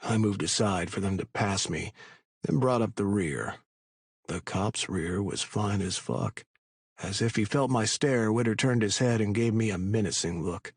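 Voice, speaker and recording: A man narrating a romance audiobook in the first person, in an even, casual way. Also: lowish voice, measured pace, breathy edge, dry recording, clean studio sound.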